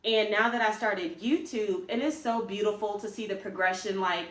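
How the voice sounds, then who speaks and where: A woman's voice: medium pitch, normal speed, a bit bright. A young woman fitness vlogger talking casually to her viewers, chatty and emphatic, rambling as she encourages herself. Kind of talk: casual vlog talk to camera. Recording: roomy, picked up from a distance.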